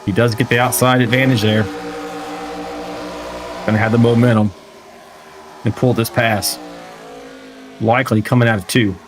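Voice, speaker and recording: A man with a medium-pitched voice that barely moves talks at normal speed, leaving long pauses. He's commentating a simulated stock car race live over engine noise, relaxed and jokey, reading viewer chat aloud.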